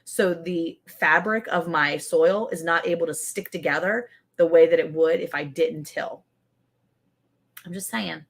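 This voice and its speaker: A woman co-hosting a casual livestream, chatty and animated, laughing often. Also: on the low side, measured pace. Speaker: livestream co-host.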